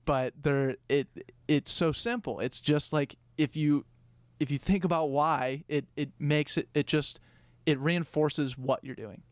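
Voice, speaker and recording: Young guy cohost rambling thru a story, crisp voice, lots of likes and fillers, kinda high. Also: measured pace, no room sound, clean studio sound. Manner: rambling, uses lots of fillers, swears casually. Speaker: podcast co-host. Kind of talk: casual storytelling.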